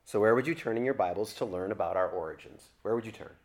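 A man's voice: on the low side, fast. A man teaching a church theology seminar, talking conversationally and asking the class questions.

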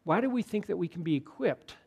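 Male pastor, sermon delivery, slightly high voice, earnest and conversational, hushes for emphasis. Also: animated, brisk, gravelly, breathy edge, lo-fi sound.

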